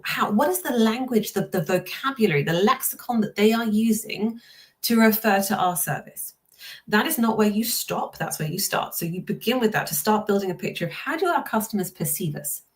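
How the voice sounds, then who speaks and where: A woman explaining things as a guest consultant in a casual interview chat, articulate, with quick asides. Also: mid-range voice, animated.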